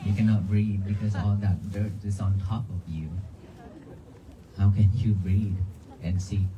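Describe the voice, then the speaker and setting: Man, Buddhist monk, lowish voice, calm outdoor dharma talk, noisy livestream. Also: measured pace. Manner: calm, repetitive, asks the crowd questions. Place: outdoors at a cemetery.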